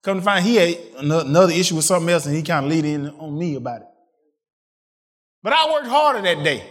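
A man preaching a sermon, asking the congregation questions and swinging from excited peaks to quiet asides. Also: quick pace. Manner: call-and-response preaching, rising to excited peaks then dropping low.

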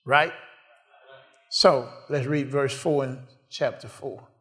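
A man's voice: mid-range voice, steady tone, takes it slowly, fairly bright tone. A man preaching a sermon in a call-and-response way, asking the congregation questions and answering them.

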